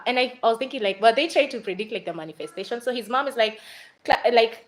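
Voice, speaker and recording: A woman's voice: a little high, fast, poor audio. Chatty Kenyan woman rambling casually. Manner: chatty, rambling, mixes in Swahili fillers. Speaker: vlogger reviewing movies. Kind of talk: casual livestream chat.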